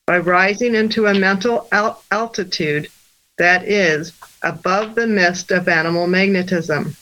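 A man reading a religious text aloud in a measured, deliberate way for a church discussion group. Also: high-pitched, bright, forceful tone, poor audio. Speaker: reader.

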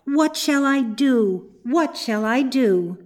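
A woman's voice: high voice, expressive, extremely slow, warm tone, pitched above the performer's own voice, exaggerated voice. A woman voicing a frightened, tearful young girl in a storybook, speaking in a raised, pleading voice. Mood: distressed.

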